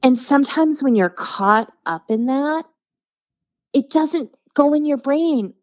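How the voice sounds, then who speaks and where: A woman's voice: high voice, slow, dry recording, dull audio. A woman telling stories as a podcast guest in casual chat, acting out the voices of people she quotes. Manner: animated storyteller, acts out quoted voices.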